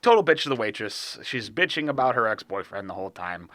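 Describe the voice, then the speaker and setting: Podcast co-host: young man, bright and forward voice, dry profane asides, dry close sound. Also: fairly low pitch, big pitch swings, fast talker, dry recording. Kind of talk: casual chat. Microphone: studio mic.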